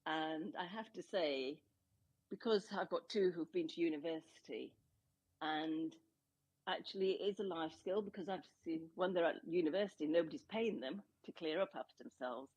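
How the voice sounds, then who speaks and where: A woman in her forties, a caller in a group chat, talking in a lively, emphatic way about her four kids. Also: deep voice, husky, no echo, poor audio. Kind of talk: casual chat.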